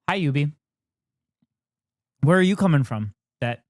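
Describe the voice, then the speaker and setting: A man's voice: medium pitch, animated, moderate pace, long pauses, a little mellow, no echo, clean studio sound. A man live-streaming in a casual, joking way, bantering and teasing with his chat as host.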